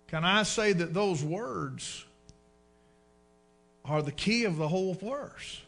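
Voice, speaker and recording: A man's voice: a little high, expressive, a little slow, a bit bright, soft background music. A man preaching a sermon, telling folksy stories, using dialect and dragging out words for emphasis. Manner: folksy storytelling, dialect double negatives.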